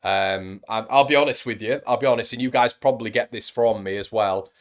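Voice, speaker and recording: A young man hosts a football fan live stream, his mid-range voice fairly quick. He chats casually and reads out viewer comments, calling everyone mate and buddy.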